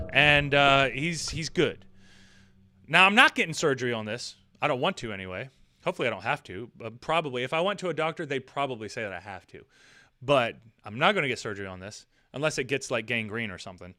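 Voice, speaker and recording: Bright-voiced man rambling casually. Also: mid-range voice, no room sound. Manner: rambling, repeats himself, swears casually. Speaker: livestream host.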